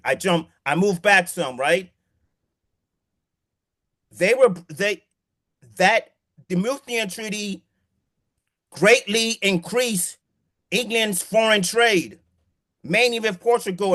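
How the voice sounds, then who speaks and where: A man with a high, bright voice talks through an argument in casual commentary. He is emphatic, stumbles and restarts on words, and keeps asking rhetorical questions. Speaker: political commentator.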